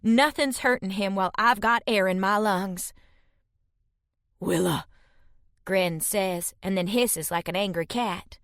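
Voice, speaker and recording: A woman narrating a fantasy romance audiobook in first person, reading tensely and dramatically, voicing shouted dialogue. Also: mid-range voice, normal speed, hardly any pauses, dry recording, clean studio sound.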